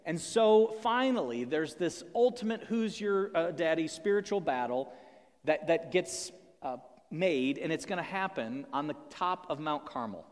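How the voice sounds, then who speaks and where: Lively preacher man in an echoing hall. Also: fairly high pitch, a little slow. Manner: lively storytelling preacher, humorous asides. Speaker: pastor. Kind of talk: sermon. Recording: long hall reverb.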